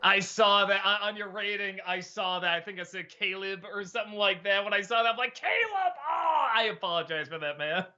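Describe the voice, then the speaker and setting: A man's voice: high voice, steady tone, brisk, hardly any pauses, pushed and bright, muffled recording. A man hosting a casual livestream chat who reacts to viewer questions, laughs often and stammers on restarts. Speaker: show host answering chat questions.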